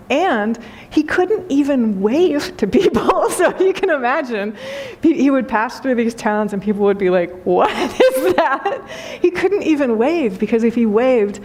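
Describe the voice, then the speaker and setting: A woman's voice: on the high side, darkish tone. A woman giving a spiritual talk as teacher, telling a funny story and laughing often.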